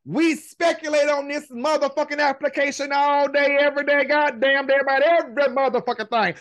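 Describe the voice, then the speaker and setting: A woman hosting a podcast, giving casual commentary in an emphatic, heavily profane rant that stretches out her swear words. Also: sits high. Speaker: podcast host.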